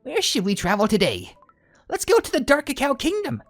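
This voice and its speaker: A woman's voice: sits high, wildly swooping pitch, brisk, no echo, soft background music, heavily acted. Bubbly cookie girls. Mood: cheerful. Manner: perky, bouncy. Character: bubbly young female cookie characters. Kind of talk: game cutscene voice acting.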